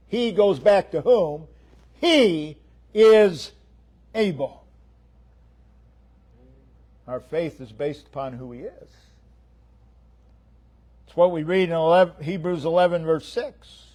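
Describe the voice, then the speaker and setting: Male preacher, slightly high voice, slow deliberate delivery, emphatic and repetitive with sharp loud-soft swings. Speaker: pastor. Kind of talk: sermon.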